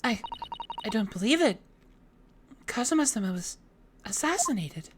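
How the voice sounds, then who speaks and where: A woman voicing a gentle, polite young female assistant in a game, speaking softly. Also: on the high side, sing-song, moderate pace, background noise.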